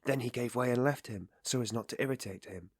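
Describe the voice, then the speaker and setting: A man voicing a loud, tipsy and loyal young friend who blusters in a raised voice. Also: mid-range voice, brisk, slightly rough, no echo, voice pushed up, close to an everyday voice. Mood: blustering tipsy.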